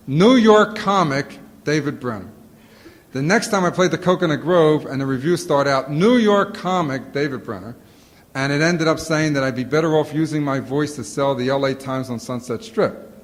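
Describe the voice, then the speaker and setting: A man telling comic stories to an audience in animated bursts, with a sore throat and a lozenge in his mouth. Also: a little high, brisk, big-room sound. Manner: animated storytelling, acts out quotes. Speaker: comedian answering audience questions. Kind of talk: casual Q&A talk. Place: auditorium before a live audience.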